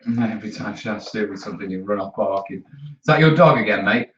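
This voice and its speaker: A man's voice: fairly low pitch, fast, slight background noise. A man, hosting a live hobby stream, chatting easily to viewers while he works. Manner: chatty, easygoing, talks to viewers while working. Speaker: terrain-building channel host. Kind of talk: casual chat during a live studio stream. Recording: roomy, distant, dull mic.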